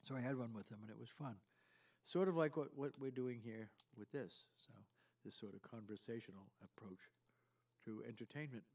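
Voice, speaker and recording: A man's voice: medium pitch, a little fast, a little mellow. A middle-aged man hosting a live stream from his home studio, chatting casually and rambling with self-deprecating asides as he reads viewer comments.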